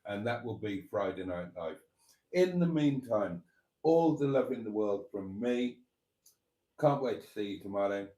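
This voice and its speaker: A man hosting his nightly livestream in a casual chat, speaking gently and affectionately and often trailing off quietly. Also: fairly low pitch, expressive, unhurried. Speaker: channel host.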